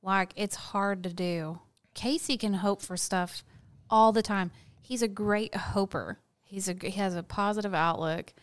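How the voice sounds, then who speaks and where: Animated female co-host, mid-pitched, teasing. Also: clean tone. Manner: animated, teasing, talks fast when excited. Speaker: podcast co-host. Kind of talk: casual chat.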